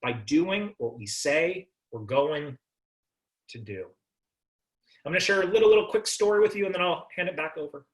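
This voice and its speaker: A man's voice: a little high, expressive, moderate pace. A man giving a motivational talk to a business team, emphatic and repeating his key phrases.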